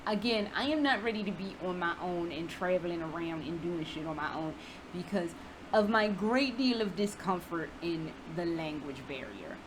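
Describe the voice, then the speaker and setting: A woman's voice: fairly low pitch, lively intonation, normal speed, noisy background. A young American woman vlogging casually from her apartment, swearing freely, laughing often and poking fun at herself. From United States. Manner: profane, self-deprecating, laughs often. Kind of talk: casual vlog monologue. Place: apartment indoors.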